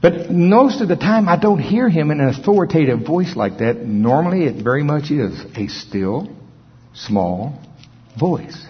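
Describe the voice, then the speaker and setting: A middle-aged male pastor preaching a sermon, folksy and storytelling, with chuckles and hushed dramatic pauses. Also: on the high side, animated, breathy edge. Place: large auditorium. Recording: dull, long-reverb hall sound.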